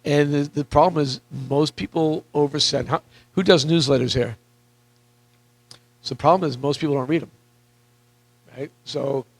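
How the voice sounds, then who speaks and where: A man coaching real estate agents in a live seminar, energetic and repetitive, questioning the audience, with a voice that is wearing out. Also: fairly high pitch, creaky, dry recording, low-quality recording. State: losing his voice.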